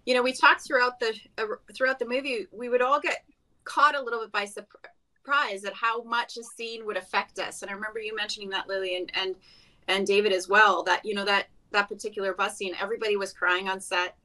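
Female actress hosting a cast chat, bright forceful tone, effusive. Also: medium pitch, fairly even intonation, fairly quick, poor audio. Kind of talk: casual virtual cast chat.

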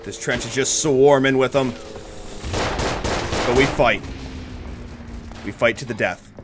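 A man giving excitable, profane gameplay commentary, shouting battle cries while he plays. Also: mid-range voice, slow, noisy background. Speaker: gaming YouTuber. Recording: game music and gunfire behind. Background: game music and gunfire.

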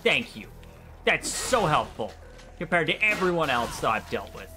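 A man's voice: fairly high pitch, very animated, normal speed, music in the background. A man casually commenting on his gameplay, often frustrated and swearing at the game and its characters. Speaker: gameplay streamer.

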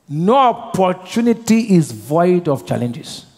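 In a church hall with long reverb, a man preaches a sermon in a high, animated voice at a moderate pace with long pauses. He draws the congregation into call-and-response by leaving his sentences open for them to complete.

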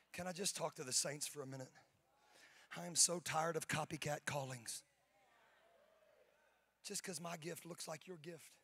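A male pastor preaching a sermon to a congregation, swinging from hushed asides to shouted peaks, with humorous storytelling. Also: fairly high pitch, husky. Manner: humorous storytelling with acted-out voices. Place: church sanctuary before a congregation.

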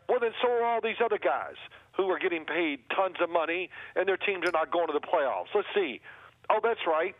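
A man holds the floor on a sports podcast, rolling on in long unbroken runs and plowing past interruptions. His voice sits a little high for a man and comes through a thin, tinny phone-line feed with no room around it. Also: fairly quick, no echo. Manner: long rolling monologues, talks over others. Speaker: guest analyst, former game broadcaster. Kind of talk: casual sports podcast chat.

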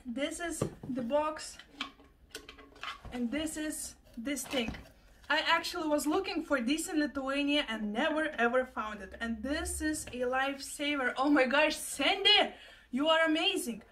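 High-voiced excitable young woman. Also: a little slow. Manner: excitable, gasping exclamations. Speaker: plant and lifestyle vlogger. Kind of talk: casual unboxing chat.

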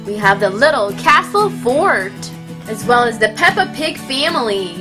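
A woman's voice: on the high side, sing-song, unhurried. A woman narrating a toy demonstration in an enthusiastic show-and-tell manner, as a voice-over over background music. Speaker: toy reviewer.

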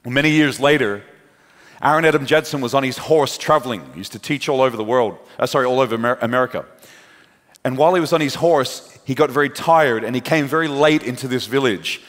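Pastor telling a story in a reverberant hall. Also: male voice, mid-range voice. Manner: dramatic storyteller, acts out the people in his story. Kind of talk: sermon storytelling. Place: large church hall.

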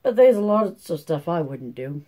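A man's voice: a little high, sing-song, normal speed, mellow. A man voicing a small, sly store clerk who giggles and talks in a glib drawl.

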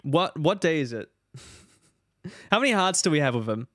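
A man streaming a game, rambling in animated casual commentary and talking to his chat. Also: on the high side, unhurried, a little hiss or hum.

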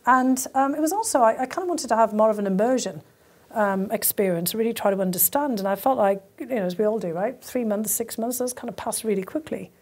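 A woman in her fifties from England, telling animated stories as an interview guest, laughing often and using many fillers. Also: a little high, brisk, slightly rough. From County Durham, northern England. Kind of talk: conversational interview storytelling.

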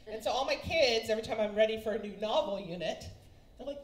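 A woman's voice: fairly high pitch, animated, quick pace, slight background noise. A woman from Kansas in her forties doing a stand-up comedy set, brassy and teasing, calling the crowd baby and honey. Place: comedy club stage with a laughing audience. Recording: echoey live room with loud crowd laughter.

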